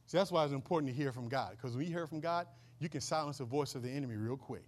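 A man's voice: medium pitch, fast. A man pastor preaching a fervent sermon, repeating phrases and calling out to his congregation.

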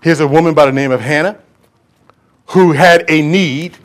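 A man preaching a sermon as pastor, impassioned and talking straight to the congregation, swinging from loud calls to hushed whispers. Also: fairly high pitch, normal speed. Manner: addresses congregation directly, acts out quoted voices.

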